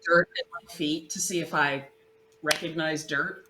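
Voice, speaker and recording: A woman's voice: sits low, steady tone, a little slow, crowd noise, low-quality recording. A woman playing a character in a tabletop game, reasoning aloud in a matter-of-fact way. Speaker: player.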